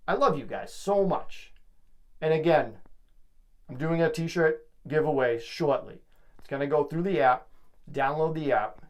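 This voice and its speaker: A young man hosting his own podcast alone, rambling and joking as he hypes himself up. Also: mid-range voice. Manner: rambling, jokey, self-hyping. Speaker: podcast host. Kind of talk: casual solo podcast monologue.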